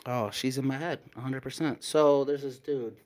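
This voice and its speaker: Rambling male storyteller, animated. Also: medium pitch, moderate pace. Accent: Upstate New York. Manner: rambling, animated retelling with frequent "like" and quoted exchanges. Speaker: guest storyteller. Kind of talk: casual storytelling.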